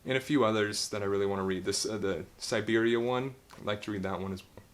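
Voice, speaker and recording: A man's voice: on the low side, steady tone, fast. A young man casually reviewing a book, rambling and swearing as he retells the plot with laughs.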